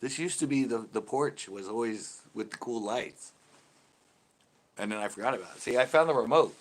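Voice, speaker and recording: A man's voice: medium pitch, expressive, moderate pace. A man hosting a casual live stream from home, chatting with viewers and laughing often between remarks. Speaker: host of a live after-show stream.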